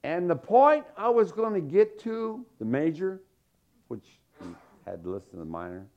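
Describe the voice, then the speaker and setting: A man's voice: lowish voice, sing-song, moderate pace. A man preaching a sermon in a folksy, joking storytelling manner. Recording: dull lo-fi sermon recording.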